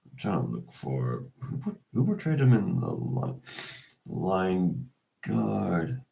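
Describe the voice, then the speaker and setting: A man's voice: deep voice, big pitch swings, takes it slowly, gravelly, warm tone. A man getting over a cold talks casually in a tribute, hesitant and full of fillers and restarts. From Scotland. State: recovering from a cold, coughing. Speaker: video host.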